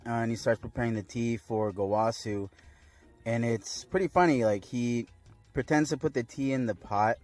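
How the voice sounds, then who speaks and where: A man's voice: medium pitch, normal speed, darkish tone, faint music behind. A man giving a casual episode recap and review, talking in a loose, slangy way with lots of fillers. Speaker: video reviewer.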